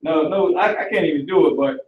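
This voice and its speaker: A man teaches a live online class, lecturing casually and slangily. His voice sits fairly high. He sounds echoey and distant from the mic. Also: brisk, narrow, tinny audio, slight background noise.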